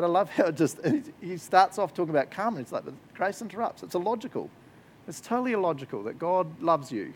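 A man's voice: mid-range voice, vocal fry, slight background noise. A man preaching a casual sermon with enthusiasm, often laughing and checking in with "right?" and "eh?". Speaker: pastor.

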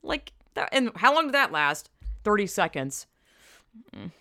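Young woman ranting on her podcast, blunt, swears a lot, mid-pitch voice. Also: big pitch swings, a little slow, sharp tone, no echo, studio quality. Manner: emphatic, blunt and profane, sighs and exclamations. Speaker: podcast host. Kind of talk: casual opinionated podcast commentary.

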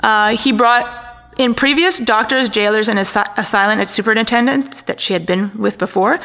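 A woman's voice: a little high, bright, forceful tone. A woman co-hosting a podcast, casually recounting a true-crime story with wry asides and stumbles over names. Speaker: podcast co-host.

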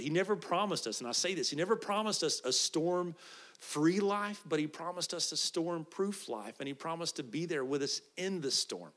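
A man's voice: a little high, a bit bright. Earnest man preaching a casual sermon. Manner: conversational, earnest, addresses listeners as "guys". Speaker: pastor.

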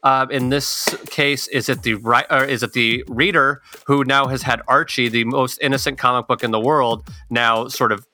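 A man with a bright, sharp voice on a casual podcast, working through an idea out loud. He restarts often and swears loosely as he goes. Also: mid-range voice, fairly even intonation, normal speed, hardly any pauses. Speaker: podcast co-host. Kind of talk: casual book club chat.

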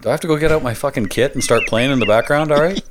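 A man's voice: medium pitch, rapid-fire, slight background noise. A man co-hosting a casual podcast, telling stories with lots of swearing. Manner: animated storyteller, swears freely. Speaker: podcast co-host.

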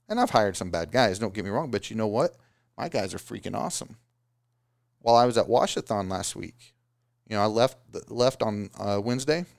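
A man's voice: mid-range voice, creaky, no echo, studio quality. A man who owns a small business, giving casual motivational advice and now and then putting on mocking voices. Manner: animated, does mocking voices of excuses.

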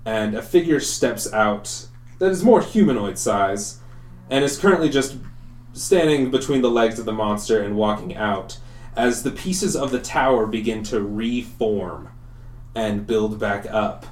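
A young man narrating as game master, in a halting way with many pauses and fillers. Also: lowish voice, a little mellow, echoey room. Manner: halting, full of ums and likes.

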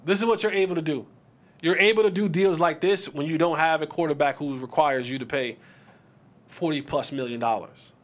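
A man's voice: fairly high pitch, a little fast. A man hosting a podcast, giving passionate sports commentary in a casual rant, often restarting his words. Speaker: podcast host.

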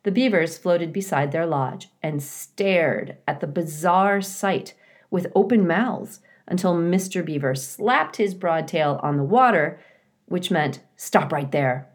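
Calm, slow-reading woman teacher. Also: lowish voice. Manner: calm, clear and measured. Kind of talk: storybook read-aloud.

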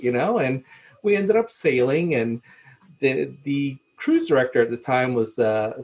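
A man telling a story in casual talk, laughing often and acting out the people he quotes. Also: medium pitch. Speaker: podcast guest, former cruise ship purser.

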